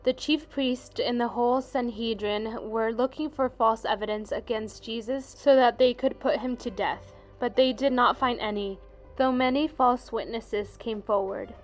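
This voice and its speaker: A woman giving a steady, solemn scripture reading. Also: fairly high pitch, a little slow, soft background music. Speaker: scripture reader.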